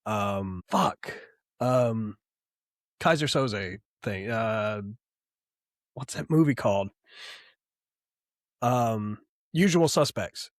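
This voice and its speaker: His fairly low voice draws out words and pauses often, captured in a dry, studio-quality recording. As a podcast co-host in casual chat, he rambles enthusiastically, swears a lot, and leans on "um" and "like".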